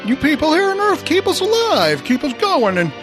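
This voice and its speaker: A man impersonating the ghost of an old-time male film star, folksy and halting, stammering and repeating himself. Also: very high-pitched, huge pitch swings, over music, pitched above the performer's own voice, exaggerated voice. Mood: pleading. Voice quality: halting, drawling stammer with "I tell you". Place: podcast studio.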